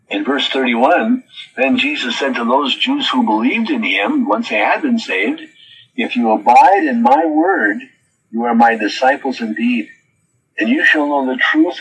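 A man's voice: medium pitch, creaky, a bit bright, slight background noise, rough recording. A man preaching a sermon who reads quotes from his notes and then answers them with pointed questions.

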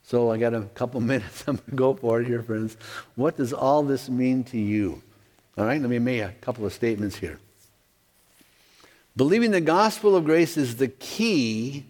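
Pastor preaching in a reverberant church. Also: male voice, medium pitch, lively intonation, moderate pace, a little mellow. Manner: earnest, conversational preaching with asides. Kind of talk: sermon. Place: church sanctuary. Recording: long hall reverb.

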